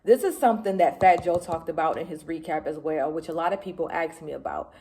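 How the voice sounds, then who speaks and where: Animated, storytelling woman vlogger. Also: deep voice, fairly quick. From Detroit, USA. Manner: animated storyteller, swears freely, acts out what people said. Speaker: music vlogger. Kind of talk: casual recap to camera. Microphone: phone.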